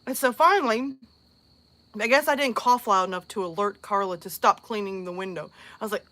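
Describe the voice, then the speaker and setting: Animated woman telling a funny story. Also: fairly quick. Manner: animated, laughing, acts out quotes in squeaky voices. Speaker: channel host. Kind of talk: casual storytelling.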